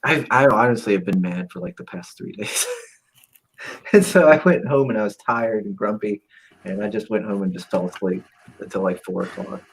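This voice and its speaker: A man's voice: lowish voice, normal speed, breathy edge, rough recording. A man hosting a casual livestream, chatting in a laid-back way and thanking viewers. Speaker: stream host.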